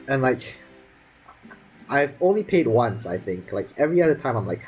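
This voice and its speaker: A man's voice: mid-range voice, expressive, moderate pace, a little mellow, breathy edge, low-quality recording. A young man in his teens telling a school story as a casual, profane, sarcastic rant full of fillers.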